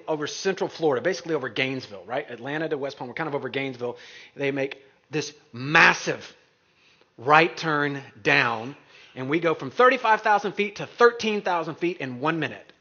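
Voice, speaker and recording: Bright-voiced man telling a story. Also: on the high side, husky. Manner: animated, acts out quoted voices. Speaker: real estate speaker. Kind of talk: storytelling talk to an audience. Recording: dull lo-fi recording.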